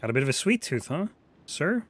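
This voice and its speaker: A man's voice: a little high, very animated, fairly quick, a little hiss or hum, voice pushed up. A man doing a sweet, polite young shopkeeper woman. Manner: gentle and courteous.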